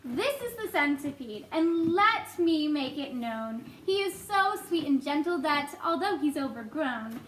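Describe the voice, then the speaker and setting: An earnest, polite young boy from a storybook , as a woman reading puts him on. He recites rhyming introductions with cheerful sincerity in a high, light voice. A roomy echo sits around him. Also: slight background noise.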